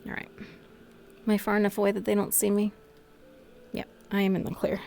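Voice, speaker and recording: A woman streaming a role-play game in a VR headset, teary and sniffling, murmuring quietly as she chats between scenes. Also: mid-range voice, completely flat delivery, moderate pace, gravelly, long pauses, a little hiss or hum. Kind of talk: casual chat between scenes. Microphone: VR headset mic.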